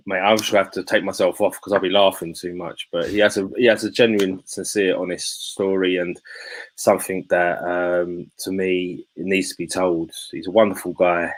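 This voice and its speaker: A man's voice: low-pitched, poor audio. A man hosting a live chat, talking in an emotional, slangy way with many restarts. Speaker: host.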